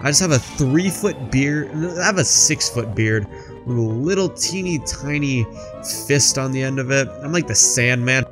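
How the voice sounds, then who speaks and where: A young man doing let's play commentary, jokey and rambling, yelling at the enemies on screen. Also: mid-range voice, animated, normal speed, over music. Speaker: gaming YouTuber.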